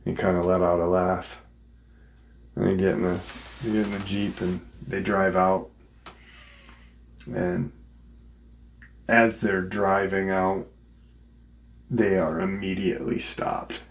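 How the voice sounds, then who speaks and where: A man's voice: sits low, steady tone, slow pace, gravelly, pauses often, slight background noise. A man hosting a paranormal channel, retelling an encounter story in a casual, rambling way with frequent restarts. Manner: rambling, repeats himself, restarts sentences often.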